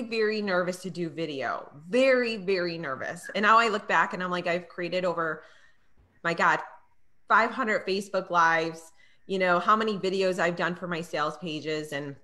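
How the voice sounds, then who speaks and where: A woman's voice: fairly low pitch, bright, forceful tone. A middle-aged woman chatting as an interview guest, telling stories and acting out her own past lines. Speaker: guest, network marketing trainer. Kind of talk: casual interview chat.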